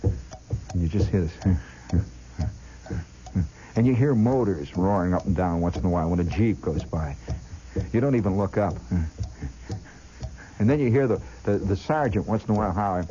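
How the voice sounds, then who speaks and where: Low husky guy spinning a yarn, voice swings all over, chatty, talks right at you and does little sound effects. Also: lively intonation, moderate pace, pauses often, dark tone, slight background noise, rough recording. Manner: chatty, addresses the listener directly; imitates sounds with his voice. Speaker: storyteller. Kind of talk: spoken storytelling monologue.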